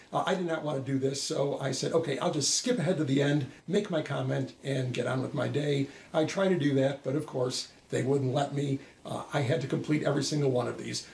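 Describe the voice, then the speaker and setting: A man's voice: on the high side, creaky, a little mellow, roomy sound, a little hiss or hum. A man giving a conversational business talk, telling wry anecdotes with frequent "uh" fillers. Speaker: business speaker and author. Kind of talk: explainer talk to camera.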